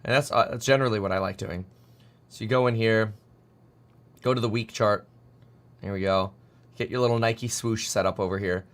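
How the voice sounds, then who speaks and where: Clicking through charts on a casual market livestream, a man in his thirties talks fast in a lowish, fairly even voice. He rambles, jokes, and mutters to himself as he goes.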